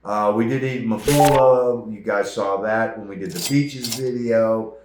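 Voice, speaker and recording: A man hosting a travel vlog, chatting casually about restaurants in a relaxed, rambling way. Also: lowish voice, a little slow, echoey room, music in the background. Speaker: host. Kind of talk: casual chat reviewing restaurants.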